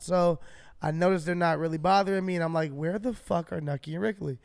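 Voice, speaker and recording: High-voiced man telling a story. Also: fast talker, vocal fry, no echo, clean studio sound. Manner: animated, swearing, acts out his own shouts. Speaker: podcast co-host. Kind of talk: casual storytelling.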